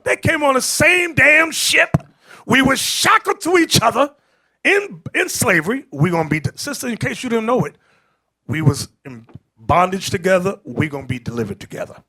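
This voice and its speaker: A man teaching a Bible class, preaching emphatically, calling out to the room and rising to shouts, with casual street-style asides. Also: very high-pitched, normal speed, breathy edge. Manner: animated and emphatic, calls out to the room, rises to shouting.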